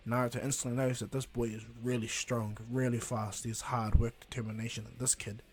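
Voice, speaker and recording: A man's voice: medium pitch, flat delivery, a little fast, a little mellow. A man casually retelling a fan story, rambling along with restarts and "and he goes.".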